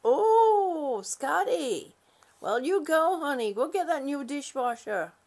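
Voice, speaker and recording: An exhausted woman drifts through a casual live-stream chat, unhurried and drawn out. Her voice sits a little high, and her talk is rambling, drowsy and broken by giggles. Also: sing-song, a little mellow. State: exhausted, sleepy. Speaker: live-stream host reading viewer comments.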